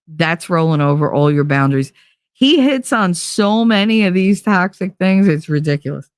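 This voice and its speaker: A woman's voice: lowish voice, animated, normal speed, dry recording, studio quality. A woman hosting a podcast, talking in a casual monologue with blunt, profane emphasis. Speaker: podcast host.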